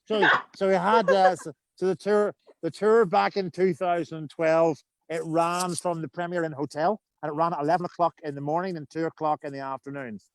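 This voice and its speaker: A man with a Belfast accent, working as a tour guide, telling anecdotes with deadpan sarcasm over a video call. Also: on the high side, brisk, hardly any pauses, dry recording. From Northern Ireland.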